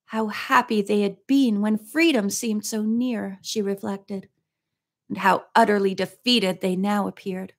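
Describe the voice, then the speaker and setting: A woman reads a mystery book aloud in a steady narrating voice, occasionally stopping for soft, chatty asides. Her voice is mid-range and unhurried.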